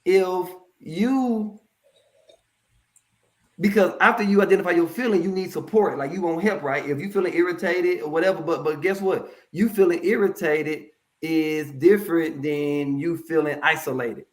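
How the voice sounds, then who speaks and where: A man speaking as a mental health professional in a casual interview, telling stories in a lively, colloquial way and addressing the audience directly. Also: a little high, normal speed. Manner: animated, colloquial, preachy asides to the audience.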